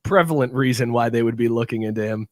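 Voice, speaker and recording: A man's voice: medium pitch, quick pace, darkish tone, no room sound, studio quality. A man co-hosting a casual sports podcast, mocking players and laughing between jokes. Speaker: podcast co-host.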